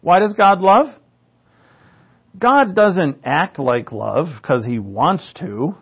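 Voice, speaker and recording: A man with a fairly high voice preaches a sermon in an easy, conversational manner. He keeps asking the congregation rhetorical questions and drops in wry asides. The recording sounds dull and lo-fi. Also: lively intonation, slow, slightly rough. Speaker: pastor.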